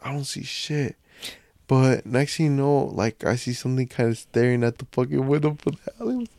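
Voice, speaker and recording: Gravelly young man telling stories. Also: mid-range voice, expressive, moderate pace, darkish tone, no room sound. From Mexican family. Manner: profane, rambling anecdotes. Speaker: podcast guest. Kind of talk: casual storytelling chat.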